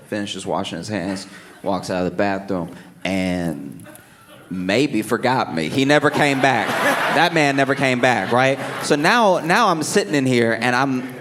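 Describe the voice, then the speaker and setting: A man's voice: mid-range voice, expressive, a little slow. A male stand-up comedian telling a story on a club stage and acting out his own inner voice. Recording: live club recording with audience noise.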